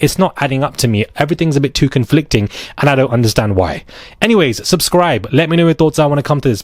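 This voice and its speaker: A man hosting a commentary channel, giving rapid, animated opinions with sarcastic asides. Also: mid-range voice, dry recording, clean studio sound.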